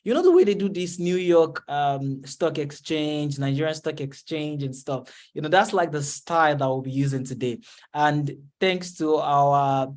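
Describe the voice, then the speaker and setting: A man's voice: on the high side, normal speed, darkish tone. A man hosting an online event as emcee, talking with lots of fillers. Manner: chatty, filler-heavy.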